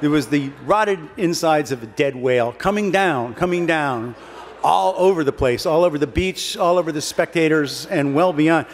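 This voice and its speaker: A man's voice: on the high side, normal speed. A man giving a humorous keynote speech to an audience, telling a long comic story in a wry, dry way. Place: large hall before an audience. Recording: long hall reverb, faint background noise.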